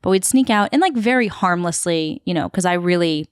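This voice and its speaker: A woman tells a lively story as a podcast guest. Her voice sits a little low, and her talk runs chatty and full of fillers. The recording is close and dry. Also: fairly quick, clean tone, dry recording. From Queens, New York City. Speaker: podcast guest, actor and tour guide. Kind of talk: casual storytelling interview.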